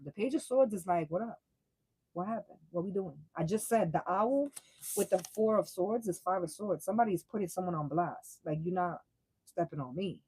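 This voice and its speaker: A young woman giving a casual live tarot reading, blunt and profane, full of slang and quick laughs. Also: fairly low pitch, darkish tone, slightly rough, no echo, low-quality recording. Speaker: tarot reader.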